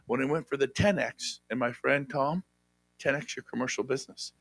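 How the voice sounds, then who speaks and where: Energetic male seminar speaker, sharp bright tone, dry close sound, loud crowd-rousing delivery. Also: a little fast, creaky, no echo. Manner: high-energy, shouts out to the crowd, animated. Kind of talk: motivational sales seminar talk. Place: hotel conference room.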